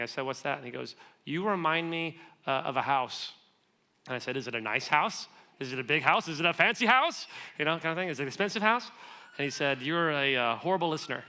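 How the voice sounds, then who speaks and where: A man's voice: on the high side, vocal fry, sharp tone. A man, giving a conversational, self-deprecating sermon as a guest speaker and acting out the dialogue in his stories. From United States. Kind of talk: storytelling sermon. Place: church auditorium.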